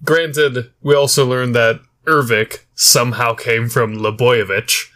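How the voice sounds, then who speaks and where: A man's voice: mid-range voice, steady tone, measured pace, a bit bright. A man who is a guest on a podcast, chatting casually, teasing and swearing. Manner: laid-back, swearing, teasing. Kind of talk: casual chat.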